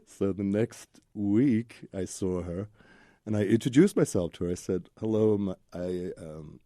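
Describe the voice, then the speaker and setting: A man's voice: fairly low pitch, unhurried, mellow, no echo, clean studio sound. A man, a Zen Buddhist teacher, telling his own story as an interview guest in a candid, rambling way with tumbling lists of memories.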